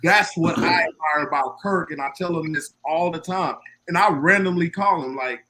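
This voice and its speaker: Man, box truck owner, bright voice a touch high, animated storyteller; casual panel talk. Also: a little fast. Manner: animated storyteller acting out quoted dialogue.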